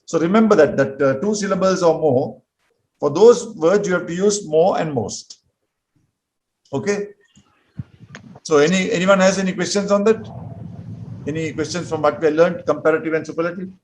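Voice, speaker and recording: Male English teacher, somewhat high voice, patient, slow and repetitive drilling. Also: a little mellow, poor audio. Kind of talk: classroom grammar lesson.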